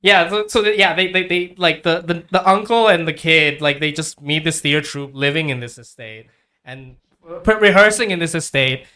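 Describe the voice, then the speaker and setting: A man's voice: a little high, normal speed, pushed and bright, clean tone. A man co-hosting a podcast, casually rambling through a bemused recap of a film's plot. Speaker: podcast co-host. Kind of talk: casual chat.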